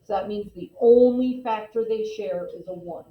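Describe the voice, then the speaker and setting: A woman's voice: mid-range voice, normal speed, distant mic. A woman math teacher in a classroom, patiently explaining steps and calling on students. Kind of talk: classroom lesson. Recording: echoey classroom recorded from afar, dull lo-fi.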